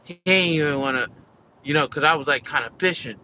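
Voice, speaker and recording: A man's voice: a little high, a little fast, bright, forceful tone, highs cut off, a little hiss or hum. An American man venting in a casual, rambling vlog rant, peppered with "like" and "you know" and swearing. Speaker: vlogger.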